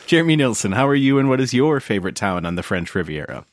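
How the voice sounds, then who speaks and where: A man's voice: mid-range voice, big pitch swings, fast talker, no echo, clean studio sound. A man hosting a casual podcast chat, joking and laughing often with his friends. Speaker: podcast host.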